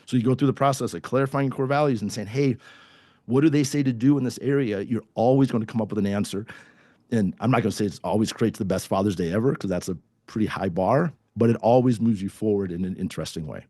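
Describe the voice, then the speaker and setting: A man's voice: lowish voice, fast, mellow, dry recording, clean studio sound. A man, a core values coach, telling a personal story on a podcast in a casual way, acting out quoted dialogue with many restarts.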